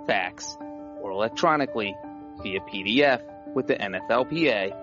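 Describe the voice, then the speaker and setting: A man reads a dry legal passage aloud in a calm, measured, enunciated way. It is presented as a mock dramatic reading on a podcast. Music plays clearly underneath, and the sound is dull and lo-fi. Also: mid-range voice. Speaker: podcast guest, football writer.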